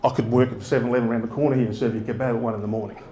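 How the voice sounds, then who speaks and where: A man's voice: mid-range voice, steady tone, very fast, warm tone. A man from Darwin with an Australian accent doing a live stand-up set on stage, rambling through his stories and laughing at his own jokes. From Darwin, Northern Territory. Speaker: stand-up comedian. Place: stage at a fringe festival venue. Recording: roomy live venue sound.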